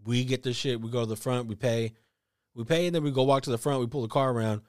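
A man's voice: medium pitch, fairly even intonation, fast, a little mellow, no room sound, studio quality. A man telling rambling, profane stories in casual podcast chat. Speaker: podcast co-host.

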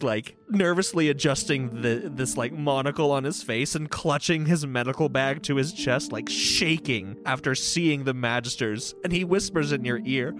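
A man running a tabletop game as game master, narrating in a lively, dramatic way. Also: medium pitch.

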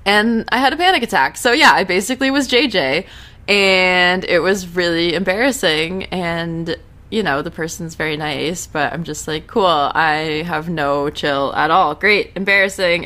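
Low-voiced woman chatting through an episode recap. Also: a bit bright. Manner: rambling and self-deprecating, heavy use of "like".

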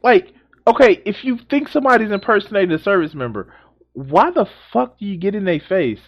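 A man's voice: sits high, animated, a little fast, lo-fi sound. A man reacting to a news video in casual, exasperated commentary, often swearing and repeating himself.

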